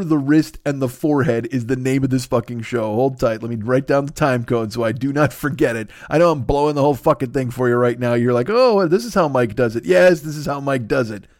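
Profane ranting man, slightly high voice. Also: a little mellow, no echo, studio quality. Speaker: podcast host. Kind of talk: profane comedic rant.

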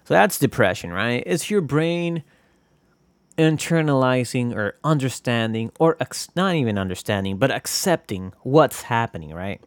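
A man's voice: mid-range voice, expressive, moderate pace, no echo. A man hosting a casual solo podcast, rambling and profane, joking at his own expense. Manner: rambling, profane, self-deprecating. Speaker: podcast host.

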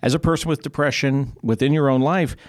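A man's voice: medium pitch, fairly even intonation, a little fast. A man interviewing a guest, often repeating words and restarting his sentences as he asks. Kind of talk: interview questions.

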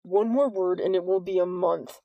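A woman voicing a harsh, cruel bald male vice principal who speaks slowly and menacingly. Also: on the low side, steady tone, gravelly, no room sound, dull audio.

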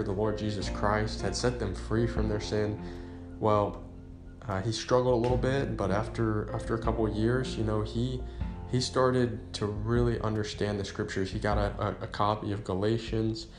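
Man, sermon reader, flat steady delivery, halting casual talk, guitar in background. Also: lowish voice. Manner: halting, many restarts and fillers. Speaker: podcast host reading a sermon. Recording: roomy sound with guitar music behind.

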